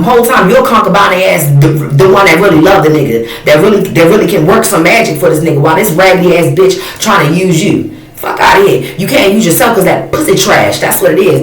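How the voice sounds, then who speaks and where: A woman's voice: fairly low pitch, recorded from a distance. A woman talking bluntly and heatedly in a profane, unscripted livestream rant to her viewers. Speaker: spiritual YouTuber. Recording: roomy sound from off-mic.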